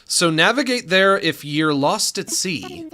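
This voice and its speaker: A man voicing a bubbly female pirate creature who talks in a high, chirpy pirate lilt full of "ye" and "arr". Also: sing-song, unhurried, pushed and bright, full character voice. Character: bubbly pirate woman creature, the captain's wife.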